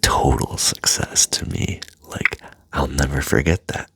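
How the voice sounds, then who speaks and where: A man speaking in a soft, halting personal monologue that often drops to a near-whisper, with a husky voice. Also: very deep voice, fairly even intonation, no echo. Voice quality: husky, gravelly. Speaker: self-help speaker.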